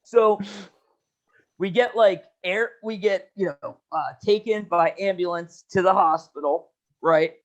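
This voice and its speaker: Young guy, high voice, podcast co-host; lively, profane, "dude"-heavy storyteller. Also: a little slow, highs cut off. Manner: animated, slangy, swears, says "dude" constantly. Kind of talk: casual storytelling chat.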